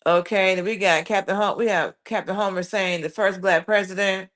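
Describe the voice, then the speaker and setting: A woman's voice: medium pitch, steady tone, fairly bright tone. A woman hosting a live stream, reading viewer comments aloud and answering them in a chatty, casual way. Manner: chatty, reads comments aloud with quick reactions. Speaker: livestream host reading chat.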